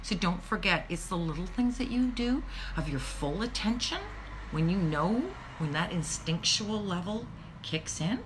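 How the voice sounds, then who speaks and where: A middle-aged woman hosting a casual motivational talk on parenting, expressive and sometimes dropping to a near-whisper for emphasis. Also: fairly low pitch, a little slow, background noise.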